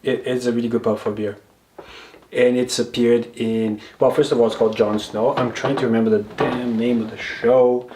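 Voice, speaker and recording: A man's voice: medium pitch, little pitch movement, normal speed, dark tone, slight background noise. A man from Brazil chatting casually as a guest, eager to recommend places. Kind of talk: casual chat.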